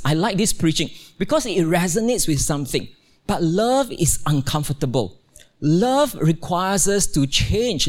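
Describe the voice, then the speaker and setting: Man, middle-aged, pastor, sermon, playful storytelling, fairly high voice. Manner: animated storytelling, playful, exclaims with rising pitch. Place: church, also streamed online.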